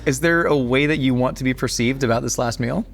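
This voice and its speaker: Dry, joking food-show host. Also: male voice, mid-range voice, a little fast, creaky. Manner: dry, jokey presentation. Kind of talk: hosted food show banter. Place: studio kitchen.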